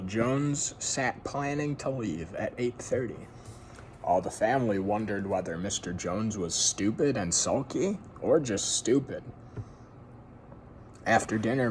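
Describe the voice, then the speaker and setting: Casual male reader, lively intonation, chatty, informal read-aloud. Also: lowish voice, measured pace, a little hiss or hum. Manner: relaxed, chatty asides to listeners. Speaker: story reader.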